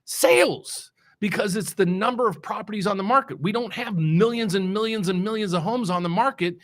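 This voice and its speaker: A high voice at a fairly quick clip belongs to a middle-aged man from West Virginia, a mortgage loan officer running his own show. He gives casual, unscripted market commentary in a loose, rambling way, restarting many times and stressing key words heavily.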